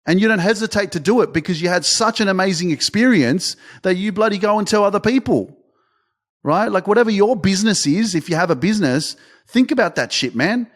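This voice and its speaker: An Australian man in his thirties hosting a motivational podcast, telling stories in a casual, animated way, swearing often and restarting his sentences. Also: high voice, brisk. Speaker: podcast host and coach.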